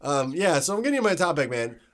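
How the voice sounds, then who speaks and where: A man's voice: fairly high pitch, sing-song, fast. A young man from New Jersey with a New Jersey accent, co-hosting a podcast in loose, rambling, swearing chat that often breaks into laughter. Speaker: podcast co-host. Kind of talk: casual chat.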